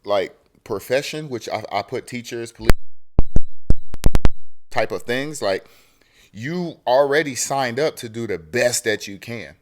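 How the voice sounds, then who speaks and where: A man's voice: medium pitch, expressive, a little slow, long pauses, faint music behind. Emphatic, profane man arguing his point. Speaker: podcast co-host. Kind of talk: casual debate chat.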